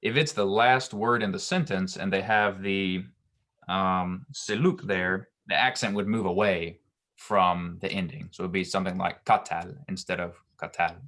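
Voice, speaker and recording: A man teaching grammar in a very low, deep voice. He explains patiently and haltingly, with frequent ums and restarted phrases. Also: a bit bright. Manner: hesitant, many ums and restarts. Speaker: Hebrew grammar tutor.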